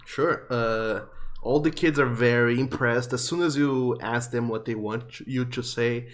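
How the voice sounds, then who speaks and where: A man's voice: medium pitch, steady tone, a little slow, faint music behind. A man narrating as game master in a tabletop game, casual and loose, with plenty of fillers.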